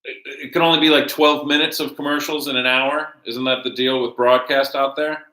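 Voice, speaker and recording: A man's voice: mid-range voice, steady tone, a little fast, pushed and bright, echoey room, low-quality recording. A man hosting a casual watch-along chat, swearing freely and talking loosely. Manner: loose and profane. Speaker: podcast host.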